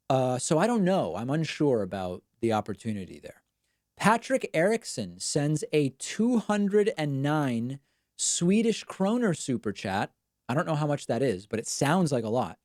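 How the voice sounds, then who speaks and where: A man hosting a live online show, giving casual political commentary and reading out viewer messages with quick, wry, self-deprecating asides. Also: mid-range voice, a little mellow, no echo, clean studio sound. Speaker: show host.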